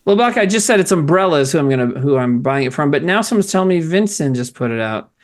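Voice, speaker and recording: A man with a slightly higher-than-usual voice, co-hosting a loose, casual chat about movies. He rambles, backtracks and swears freely, laughing as he goes. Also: animated, quick pace. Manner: rambling, laughing, swears a lot, many fillers. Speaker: podcast co-host.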